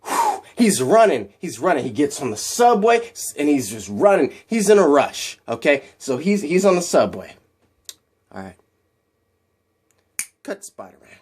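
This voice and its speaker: A man's voice: fairly high pitch, big pitch swings, a little slow, pauses often, a little mellow, husky. A man casually retelling a film scene by scene, rambling and repeating himself as he goes. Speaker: video host.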